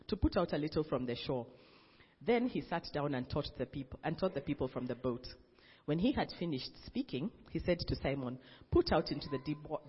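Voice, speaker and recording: A man's voice: fairly high pitch, husky. A man reading scripture aloud in a plain manner, often stumbling and restarting a phrase. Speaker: scripture reader. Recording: dull, reverberant recording.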